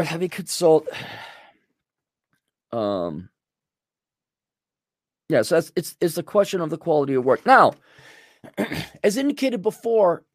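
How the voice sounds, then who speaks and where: A man's voice: sits high, no echo, studio quality. A man hosting a podcast, ranting in a blunt, sarcastic and crude way. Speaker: podcast host. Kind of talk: ranting monologue.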